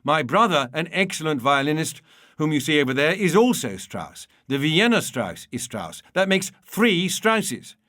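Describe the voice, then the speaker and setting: A man's voice: fairly high pitch, big pitch swings, a little slow, dry recording, full character voice. A man reading a memoir aloud and voicing a reserved, patient dance-band conductor. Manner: reserved, dry, quiet. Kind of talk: audiobook reading.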